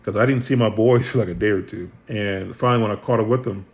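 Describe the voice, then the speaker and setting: Middle-aged male storyteller, low and gravelly, casual and animated, acts out quoted dialogue. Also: fast talker. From Pennsylvania. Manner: animated storyteller who acts out other people's lines, swears freely. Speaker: vlogger telling his life story.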